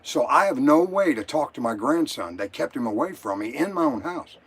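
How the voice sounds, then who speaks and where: A man's voice: medium pitch, animated, moderate pace, slightly rough. An older man calling in to a show, telling his story in an agitated, rambling way and swearing often. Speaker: caller. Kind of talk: emotional call-in story.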